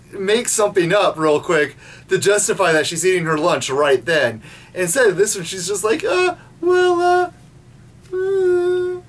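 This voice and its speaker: Rambling, cursing anime vlogger. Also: medium pitch. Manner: rambling with restarts and swearing. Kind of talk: casual rambling review.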